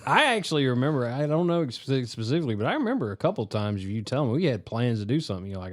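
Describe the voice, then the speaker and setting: A man's voice: medium pitch, sing-song, fast, hardly any pauses, no echo, studio quality. A man co-hosting a podcast, mostly chiming in with short agreements and teasing profane remarks. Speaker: podcast co-host. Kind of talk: casual chat.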